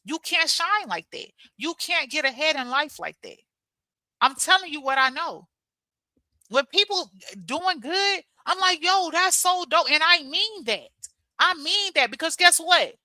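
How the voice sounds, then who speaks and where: A woman in her thirties or forties hosts a motivational livestream, lively and preachy, and keeps driving her points home. Her voice sits a touch high and rings bright. The sound is close and dry. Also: unhurried, no echo. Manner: animated and preachy, repeats "I'm telling you". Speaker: livestream host reading chat. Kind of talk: casual motivational livestream talk.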